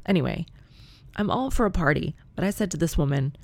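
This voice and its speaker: Woman, comic storytelling monologue, chatty and wry, swears freely, low gravelly voice. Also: expressive, normal speed, a little mellow, no room sound.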